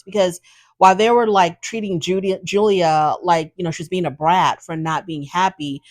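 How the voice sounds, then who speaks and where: A woman, hosting and giving opinionated, animated commentary on a show and acting out quotes in her own voice. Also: lowish voice. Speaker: host recapping a reality show. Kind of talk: casual commentary.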